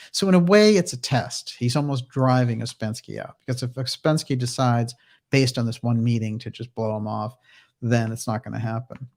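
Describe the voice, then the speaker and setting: A man's voice: mid-range voice, moderate pace, a little mellow. A man hosting a livestream talk show, telling a story in a casual, conversational way with easy laughs. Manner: conversational fillers and restarts. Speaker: host. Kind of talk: livestream commentary and reading.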